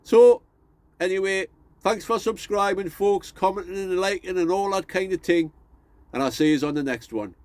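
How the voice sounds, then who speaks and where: A man talks casually to his viewers, rambling and hesitating as he thinks aloud. His voice sits a bit high for a man. The recording is dry and close. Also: moderate pace, a little mellow, no echo. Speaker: gardening channel vlogger. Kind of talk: casual chat to camera.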